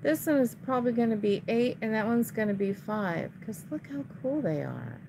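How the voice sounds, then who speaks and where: A woman's voice: on the high side, expressive, normal speed, creaky, noisy background. A woman chatting casually to viewers at home while showing resale items, easily frustrated, sighing and grumbling at her camera.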